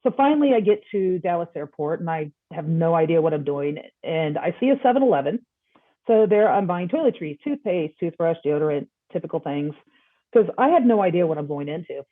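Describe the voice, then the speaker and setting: A woman guest on a podcast, telling a personal story in a casual, animated way and acting out the dialogue. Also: lowish voice, fairly quick, dry recording. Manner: animated, acts out quoted dialogue. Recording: tinny phone-like line.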